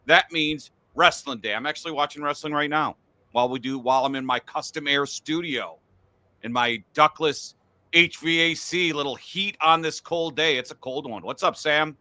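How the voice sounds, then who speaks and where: A man's voice: fairly high pitch, moderate pace, pushed and bright, no room sound. A middle-aged man hosting a casual sports podcast from a home studio, blunt and profane when he rants. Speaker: podcast host.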